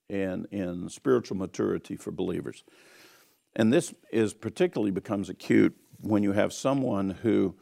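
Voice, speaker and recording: A man with a lowish, creaky, mellow voice gives an earnest teaching sermon on scripture. As a Bible teacher, he is emphatic and repeats key phrases.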